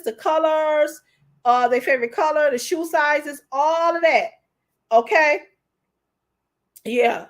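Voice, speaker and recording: A high-voiced woman hosts a casual commentary livestream for her YouTube show. She's emotional and candid, speaking directly to her viewers.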